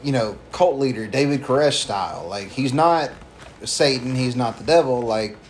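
A man co-hosting a casual podcast, rambling and swearing freely as he pitches ideas. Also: a little hiss or hum. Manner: profane, rambling, acts out promos in quick voices. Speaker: podcast co-host.

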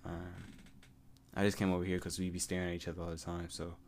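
A man's voice: deep voice, completely flat delivery, fast, a little mellow, a little hiss or hum. A young man hosting a solo podcast, telling stories in laid-back, slang-heavy casual chat and laughing often. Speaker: podcast host.

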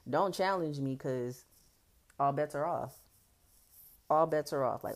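Gravelly, blunt young woman podcast host. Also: low-pitched, a little slow, long pauses. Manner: blunt, profane and boastful. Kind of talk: candid casual storytelling.

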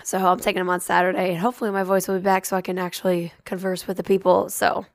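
A woman with a hoarse voice that is nearly gone, swearing and making fun of herself while chatting as a podcast co-host. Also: fairly low pitch, little pitch movement, fast, dry recording. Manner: swears freely, self-mocking. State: hoarse, losing her voice. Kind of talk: casual chat.

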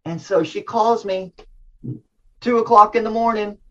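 A middle-aged man telling a personal story in a casual, rambling and excitable way, with many restarts and apologies. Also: sits high, a little slow, lo-fi sound. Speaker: storyteller sharing a personal spiritual experience.

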